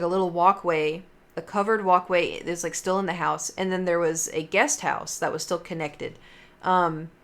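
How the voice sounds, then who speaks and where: A woman's voice: mid-range voice, fairly bright tone. A young woman streamer telling stories to her chat in a casual, rambling way, full of fillers and swearing. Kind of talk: casual livestream storytelling.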